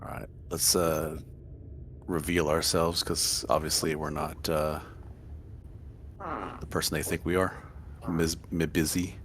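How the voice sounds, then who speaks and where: A man's voice: very deep voice, level tone, unhurried, pauses often, a bit bright, a little hiss or hum. A man playing in a tabletop game, asking methodical questions in casual chat. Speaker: player.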